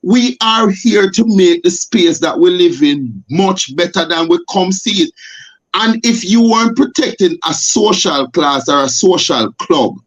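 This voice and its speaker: A man with a Jamaican accent speaks as a talk show guest, pressing his points with force and repeating himself for emphasis. His voice sits somewhat high for a man. The audio is dull and lo-fi. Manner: forceful, repetitive, rhetorical questions. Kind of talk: impassioned talk show discussion.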